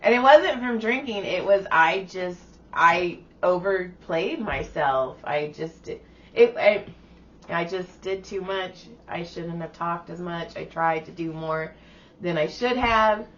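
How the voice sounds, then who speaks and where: A woman's voice: lowish voice, slow pace, fairly bright tone. A middle-aged woman co-hosting a podcast in casual chat, blunt and profane as she tells stories, recovering from laryngitis. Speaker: podcast co-host. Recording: dull lo-fi sound.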